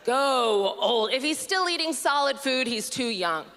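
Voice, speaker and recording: Bright, high-voiced woman doing stand-up. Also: very animated. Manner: dry, quick-witted punchline delivery. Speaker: stand-up comedian. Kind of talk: stand-up comedy set. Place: comedy festival stage.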